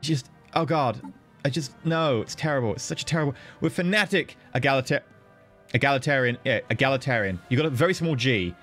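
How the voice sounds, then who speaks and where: A man's voice: fairly quick, soft background music. A man streaming a strategy game, chatting casually and playfully with his viewers, thanking them and joking as he plays. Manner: chatty, playful, thanks viewers, bursts into high excited pitch. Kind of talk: casual livestream commentary.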